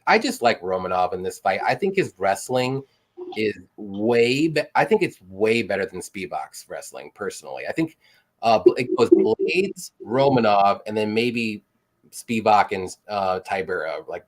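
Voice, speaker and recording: A man's voice: fairly low pitch, very animated, unhurried. A man co-hosting a live betting show, giving his fight picks in a casual way full of "like" and "um.". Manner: casual, filler-heavy, restarts with "like" and "um". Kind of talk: casual sports betting chat.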